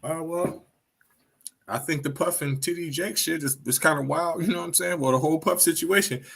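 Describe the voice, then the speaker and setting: A man's voice: a little high, brisk, vocal fry, fairly bright tone, slightly rough. A man co-hosting a podcast in casual chat, blunt and profane, joking with the others. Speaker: podcast co-host.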